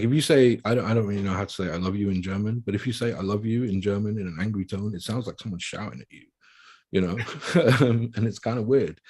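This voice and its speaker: A man's voice: on the low side, a little mellow, slightly rough. A man on a casual group video call who explains his points and acts out example sentences. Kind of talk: casual panel discussion.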